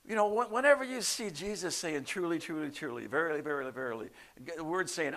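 A man leading an informal Bible study, emphatic and laughing easily, swinging from quiet talk to loud stress. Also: fairly high pitch, sing-song, a little fast.

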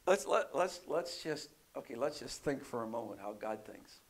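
A man preaching a sermon, often asking his listeners questions and swinging between loud emphatic bursts and soft quiet lines. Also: mid-range voice, moderate pace, vocal fry. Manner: animated, rising loud for emphasis then dropping soft; asks the congregation questions often.

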